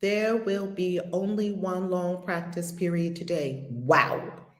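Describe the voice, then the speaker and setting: Slow, emphatic woman teaching a spiritual lesson. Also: fairly low pitch, fairly even intonation. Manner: slow, emphatic, repeating phrases. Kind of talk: spiritual lesson with guided mantra. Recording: roomy echo.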